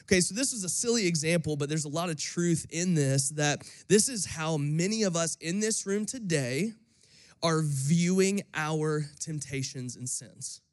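Youngish pastor from florida preaching, loose chatty storytelling, bit high voice, dry sound. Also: male voice, normal speed, no echo. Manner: casual storytelling with fillers, animated. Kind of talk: sermon with personal story.

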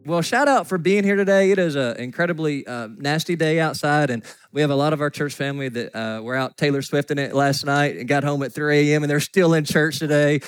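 Folksy joking pastor preaching. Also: male voice, on the high side, brisk, hardly any pauses, clean tone, no room sound, soft background music. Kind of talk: sermon. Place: church sanctuary.

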